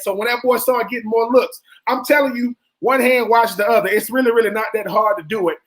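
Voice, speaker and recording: A man's voice: extremely high pitch, steady tone, fairly quick, few pauses. A man co-hosting a sports radio show, a former college football player making his case with emphatic, repeated points.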